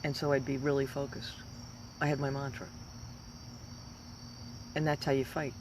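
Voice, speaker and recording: A woman's voice: very deep voice, flat delivery, normal speed, background noise. Emphatic woman in her fifties. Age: 50s. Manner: emphatic, rambling storytelling. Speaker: professional mixed martial arts fighter. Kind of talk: motivational talk.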